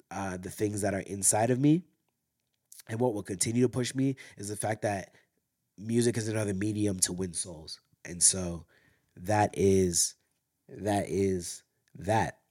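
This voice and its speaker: A man hosting a solo faith podcast who shares a personal testimony openly and earnestly, with his voice going hoarse. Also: on the low side, darkish tone. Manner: earnest, open, ends in spoken prayer. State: losing his voice. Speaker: podcast host.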